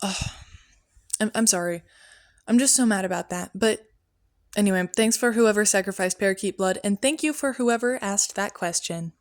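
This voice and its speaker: A woman's voice: medium pitch, moderate pace, no echo, clean studio sound. A woman hosting a comedy podcast in character as a prophet, talking in an offhand, rambling way with many tangents.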